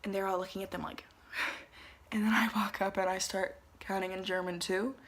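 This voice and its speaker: A young woman vlogging on a trip, telling stories in a chatty, animated way with lots of fillers. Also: medium pitch, moderate pace. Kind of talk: casual storytelling to camera. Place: travel spots in Italy, some clips outdoors.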